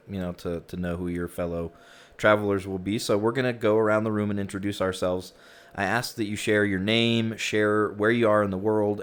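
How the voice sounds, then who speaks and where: Deep-voiced man hosting casually. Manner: easygoing, chatty, frequent "you know" and "um". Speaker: host of a virtual reality group session.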